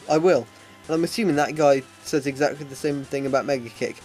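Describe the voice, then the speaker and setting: A man rambles through a casual game commentary, joking at his own expense. His voice sits a little high, and faint game music plays behind him. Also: fast talker, a little mellow. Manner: rambling, self-deprecating humor. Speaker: Let's Play commentator.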